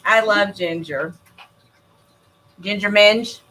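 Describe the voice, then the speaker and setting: A woman's voice: mid-range voice, slow, fairly bright tone, low-quality recording. A woman in easy, casual conversation. She talks with gushing enthusiasm and breaks into laughter often. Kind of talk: casual chat.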